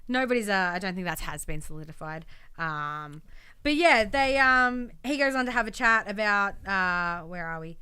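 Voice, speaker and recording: Bright, clear-voiced woman podcast co-host. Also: mid-range voice, normal speed. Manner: animated, acts out wrestlers' lines. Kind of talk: casual chat recapping wrestling.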